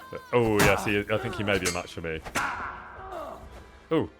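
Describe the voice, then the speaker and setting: A man's voice: lowish voice, moderate pace, over loud music. Chatty man streaming a game. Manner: chatty, laughs easily, rambling asides. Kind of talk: casual live-stream chat.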